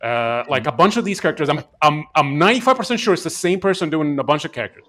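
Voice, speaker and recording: Co-hosting a game podcast, this man talks fast in a slightly high, expressive voice that sounds pushed and bright. The chat is casual and animated, a rambling game review discussion full of restarts.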